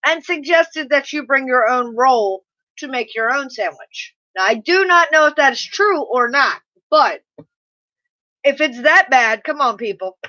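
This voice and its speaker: A woman with a high, bright and sharp voice hosts a casual live stream, answering chat in an animated, laughing way. The sound is dry and close, but muffled and lo-fi. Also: a little slow.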